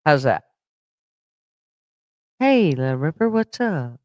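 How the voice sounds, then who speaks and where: A man's voice: on the high side, very animated, takes it slowly, a little mellow, no echo, low-quality recording. A man hosting a casual livestream, rambling to himself while he fumbles with the setup, blunt and profane as he scolds his chat in jest. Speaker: livestream host.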